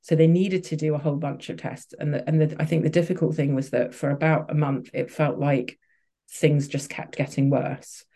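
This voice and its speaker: A woman's voice: low-pitched, little pitch movement, normal speed, warm tone. A woman, a podcast guest, telling a personal story candidly, with frequent restarts and fillers. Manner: open, emotional, many restarts and fillers.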